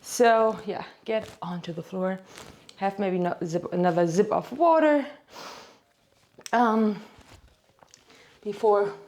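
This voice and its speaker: A woman's voice: mid-range voice, slow pace, pauses often, a little mellow. A woman with as her leads a home dumbbell workout, a bit out of breath, chatty and self-deprecating, counting reps aloud. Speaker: fitness instructor. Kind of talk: casual workout instruction.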